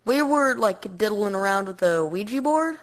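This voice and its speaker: A woman's voice: mid-range voice, expressive, normal speed, poor audio. A woman guest on a casual podcast, telling school stories in a playful, slangy way.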